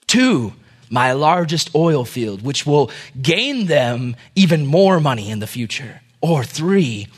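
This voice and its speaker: A man voicing a wealthy old Texas oil tycoon who speaks in a slow, grand drawl. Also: a little high, very animated, husky, voice pushed down, heavily acted.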